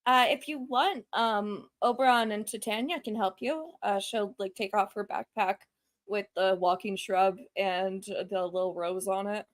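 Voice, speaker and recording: A woman's voice: mid-range voice, a little slow, no echo. A woman playing in a casual tabletop role-playing game, describing her scene in a loose, chatty way. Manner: chatty, loose, lots of fillers when describing. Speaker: player.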